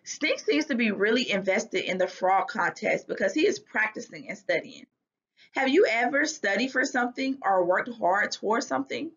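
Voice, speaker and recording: A woman teacher reading a children's storybook aloud to a class, pausing to ask questions, in an expressive read-aloud manner. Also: on the high side, husky, muffled recording. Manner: expressive read-aloud with lively character voices.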